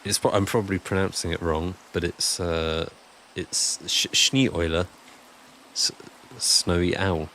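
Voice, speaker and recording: A man's voice: low voice, steady tone, unhurried, bright, forceful tone, a little hiss or hum. A man chatting casually and rambling on a live stream while he builds, answering chat as he goes.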